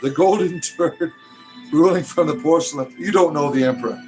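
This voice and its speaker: A man delivering a parody sermon in a fervent, booming preacher cadence with swooping emphasis, breaking into chuckling asides. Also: normal speed, darkish tone, soft background music. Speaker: preacher character host.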